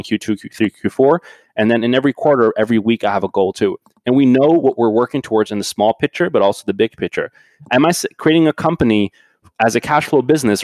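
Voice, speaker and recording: A man's voice: medium pitch, a little mellow, no echo. A man, a company founder, talking casually as a podcast guest, telling blunt, profane stories with frequent restarts.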